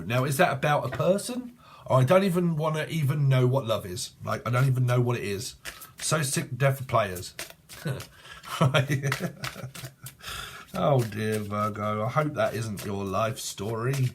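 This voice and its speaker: A man's voice: mid-range voice, moderate pace, a bit bright. A man in his forties gives a casual tarot reading to camera. He is blunt and profane and laughs often, and there is faint noise behind him. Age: 40s. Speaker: tarot reader.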